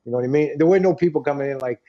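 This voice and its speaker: A man's voice: medium pitch, rapid-fire. A middle-aged man chatting casually, rambling and joking, often repeating himself as he gives advice. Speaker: advice-giving show guest. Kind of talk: casual chat. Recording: dull lo-fi sound.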